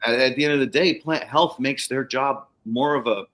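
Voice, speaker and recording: A man at a middle pitch, co-hosting a relaxed livestream chat. He talks in a candid, rambling way, restarts his thoughts often and swears casually. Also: normal speed. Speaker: podcast co-host.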